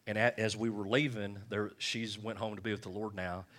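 A man's voice: lowish voice, little pitch movement, fairly quick, a bit bright. A male pastor preaching a sermon in church, repeating phrases and checking in with the congregation with "all right?".

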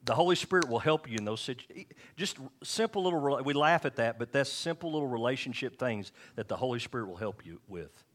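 A middle-aged man preaching a sermon in a church, talking candidly and with self-deprecating humor, and slowing down to read scripture aloud. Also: mid-range voice, lively intonation, a bit bright. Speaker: pastor.

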